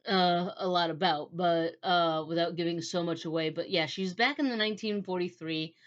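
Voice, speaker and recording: A woman's voice: lowish voice, fairly even intonation, moderate pace, muffled recording. A woman who reviews books, chatting in a rambling, casual way and acting out characters' dialogue. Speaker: book reviewer. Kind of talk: casual book review chat.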